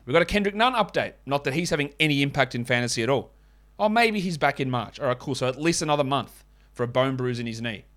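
A man's voice: a little high, a bit bright. A man hosting a fantasy basketball podcast, ranting sarcastically in fired-up sports commentary. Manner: ranting, sarcastic, mocks others in put-on voices.

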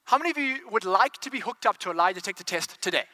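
A male preacher delivers a fervent sermon in a high, piercing voice. He stacks rhetorical questions and repeats words as he gathers steam. The sound is dry and close. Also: animated, fast talker, sharp tone, no room sound. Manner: repeats words as he builds momentum.

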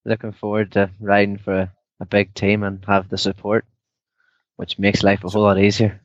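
A young man with a Northern Irish accent, soft-spoken and relaxed, laughing easily as he chats. His voice sits fairly low and comes through a dull, lo-fi remote line with a dry sound. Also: normal speed, dry recording. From Northern Ireland. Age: young adult. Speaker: guest, downhill mountain bike racer. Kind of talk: casual interview chat.

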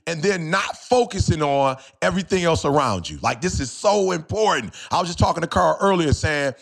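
A man's voice: fairly high pitch, expressive, a little fast, gravelly, a bit bright. A man, a motivational speaker and co-host, talking with fervent, preachy drive on a podcast, repeating lines for emphasis and calling out to listeners. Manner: addresses listeners directly as y'all. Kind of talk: passionate podcast talk.

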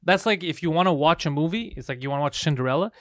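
A man co-hosting a podcast, telling stories quickly and profanely and acting out what people said. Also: fairly high pitch, animated, no echo, studio quality. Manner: fast, profane storytelling with acted-out quotes. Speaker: podcast co-host. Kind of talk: casual podcast banter.

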